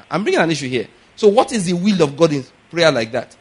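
A male pastor delivers a sermon. He tells stories and acts out both sides of a conversation, swinging from loud exclaims to quieter asides. His voice sits a little higher than most men's. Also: quick pace, husky. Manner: animated storytelling, rising to loud exclaims.

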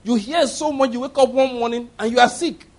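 A man with a high voice preaching a sermon. He tells stories animatedly, acting out laughter and voices. He speaks emphatically, putting questions straight to the listeners. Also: a little fast. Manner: emphatic, addresses congregation directly.

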